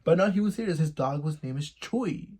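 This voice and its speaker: A young man telling a story-time tale to his viewers in a casual, animated, gossipy way, laughing often and swearing freely. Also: fairly high pitch, quick pace, slightly rough. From Mexico.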